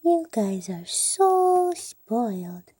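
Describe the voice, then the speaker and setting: A woman's voice: a little high, sing-song, drawn-out words, mellow, slightly rough. A woman at home filming her cats and talking to them in cooing baby talk, often dropping to a whisper, recorded on a handheld camera. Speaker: cat owner filming her pets. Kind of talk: casual talk to pets.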